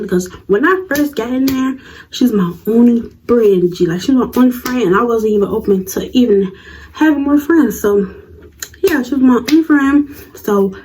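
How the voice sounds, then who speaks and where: A 19-year-old woman telling a storytime vlog in a slangy, animated way. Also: a little high, slightly rough, low-quality recording. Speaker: vlogger.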